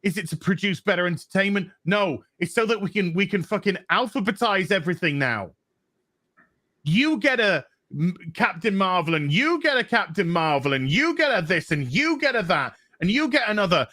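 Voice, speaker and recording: A man's voice: high-pitched, normal speed, no room sound. A man co-hosting a comic book panel show, ranting heatedly with constant swearing and mocking voices. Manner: profane and animated, mocking voices of others. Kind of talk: heated opinion rant on a livestream panel.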